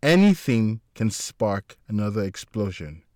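A man voicing a calm, composed female police superintendent who speaks in a measured way. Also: fairly low pitch, no echo, studio quality.

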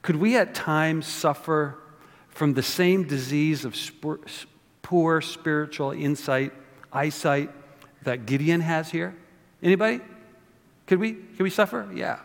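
A man's voice: fairly high pitch, measured pace, vocal fry. A pastor giving a conversational sermon, often repeating words and asking his listeners rhetorical questions. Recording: long reverb of a hall.

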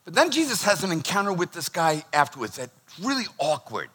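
Male pastor, middle-aged, sermon delivery, high-pitched, bright and forceful tone, animated. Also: fairly quick, husky. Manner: animated, acts out quoted voices.

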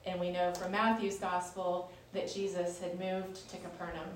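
A woman's voice: lowish voice, flat delivery, normal speed, a little hiss or hum. Woman teaching scripture in an echoey room. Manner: chatty and explanatory, with fillers and restarts. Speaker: Bible study leader. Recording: echoey room, distant mic.

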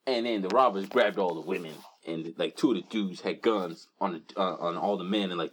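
A young man co-hosting a casual podcast chat, telling stories in an animated way and acting out voices. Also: sits low, fast, few pauses, a little hiss or hum. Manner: animated storyteller, acts out screams and voices. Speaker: podcast co-host.

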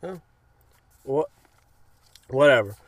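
A young man in casual chat, excitedly retelling cartoon scenes and acting out lines in goofy voices. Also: mid-range voice, slow pace, dry recording. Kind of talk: casual episode recap chat.

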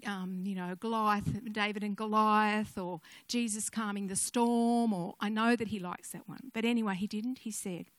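Older woman preacher, gentle storyteller, dry close sound. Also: mid-range voice, steady tone, normal speed, few pauses, no echo. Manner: gentle storytelling, conversational asides. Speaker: speaker sharing a devotional message. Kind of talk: personal testimony sermon.

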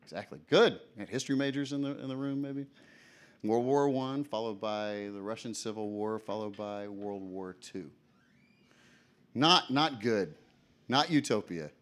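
A man's voice: fairly low pitch, measured pace. A male preacher giving a sermon in a conversational way, often asking the audience questions.

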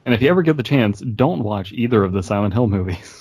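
A man's voice: on the low side, expressive, quick pace, a little mellow, slight background noise. A man co-hosting a podcast, reading a creepy story aloud with wry jokes and frequent laughter. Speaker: podcast co-host.

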